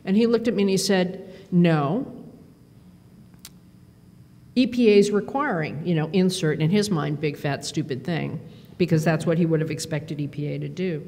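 A woman giving a conference talk, telling lively self-deprecating stories with quoted dialogue into a podium microphone. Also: a little fast, creaky. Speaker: conference speaker. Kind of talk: storytelling keynote speech. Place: large conference hall. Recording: reverberant hall with faint rumble.

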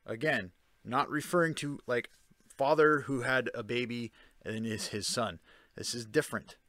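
A man's voice: mid-range voice, measured pace, a bit bright, no room sound, studio quality. A man giving a casual spoken explanation, often checking in with the listener by asking "Okay?" and "Right?". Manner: conversational, with fillers and restarts. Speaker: self-taught commentator on ancient texts.

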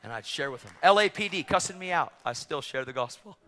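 Male preacher, middle-aged, high voice, very bright and sharp, excitable storytelling, long hall reverb. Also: quick pace, faint music behind. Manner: excitable, acts out dialogue, rising to shouts. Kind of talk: sermon storytelling.

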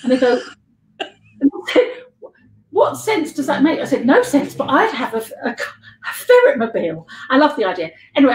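High-voiced chatty London woman in echoey room. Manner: chatty, giggly storyteller who jumps between tangents. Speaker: guest and life model. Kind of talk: rambling anecdotal chat. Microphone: video call. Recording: echoey room on a live stream.

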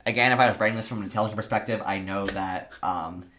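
Young man with a bright, low-pitched voice. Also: fairly even intonation, quick pace, a little hiss or hum. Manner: rambling, full of "like" and "um". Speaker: co-host. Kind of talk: casual chat.

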